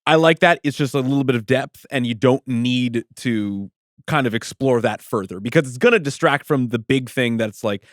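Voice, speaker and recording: A man's voice: medium pitch, no room sound, clean studio sound. A man co-hosting a podcast in casual chat, thoughtful and hedging as he works through his ideas. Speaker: podcast co-host.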